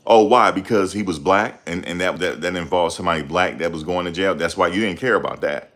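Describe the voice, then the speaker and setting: A middle-aged man hosting his channel, talking in a loud, confrontational, profane rant. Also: low-pitched, a little fast. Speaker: channel host. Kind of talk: ranting livestream commentary.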